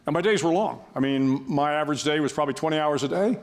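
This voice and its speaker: A man's voice: a little high, fast. An older man speaking as a guest before an audience, telling a story in a wry, self-deprecating way with frequent restarts.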